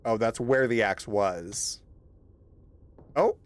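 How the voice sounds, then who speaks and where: A man's voice: lowish voice, takes it slowly. A man streaming a horror game live, chatting casually, laughing often, swearing and thanking viewers. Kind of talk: casual live gameplay commentary.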